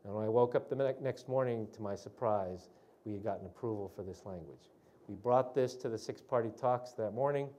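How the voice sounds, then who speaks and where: A man giving an explanatory public talk at a policy forum, measured and recounting events, with frequent "um" and "uh" and "right?" tags. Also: lowish voice, warm tone. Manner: storytelling recollection of negotiations. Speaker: guest speaker at a policy forum.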